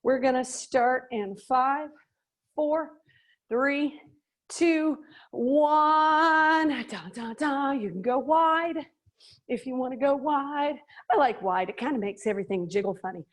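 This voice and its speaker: A woman's voice: high voice, lively intonation, measured pace. A middle-aged woman instructing a live workout class, upbeat and joking, counting out reps and slightly out of breath. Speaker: fitness and yoga instructor.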